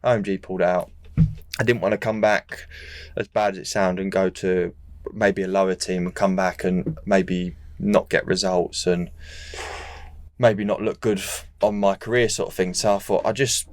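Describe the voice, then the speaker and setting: A young man, telling his story in a relaxed, rambling way full of restarts and fillers, as a podcast guest. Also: sits low, normal speed, dry recording. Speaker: guest racing rider. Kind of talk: casual interview chat.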